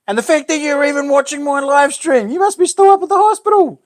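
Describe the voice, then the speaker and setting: A man's voice: extremely high pitch, fast talker, no echo, studio quality. A man with a New Zealand accent hosting a casual live stream and chatting back to viewers' messages.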